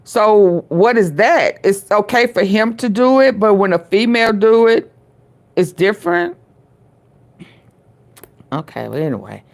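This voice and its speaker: A woman's voice: mid-range voice, very animated, unhurried, vocal fry, long pauses. A woman hosting her own show, casually commenting on a trial and reacting to a clip, often hesitating and repeating words.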